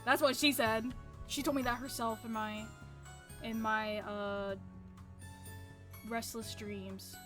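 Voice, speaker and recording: Streamer woman: high-pitched, easygoing slow pace, loose and profane, faint music behind. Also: fairly even intonation. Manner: loose, profane, self-mocking. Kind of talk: casual live-stream chat.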